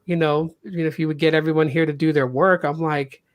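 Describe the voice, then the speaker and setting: Guy with a high voice telling wild stories, acts out everyone, dry close sound. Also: fast, no room sound. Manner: animated, acts out quotes with jumps in pitch and loudness. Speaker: podcast host. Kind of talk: casual storytelling.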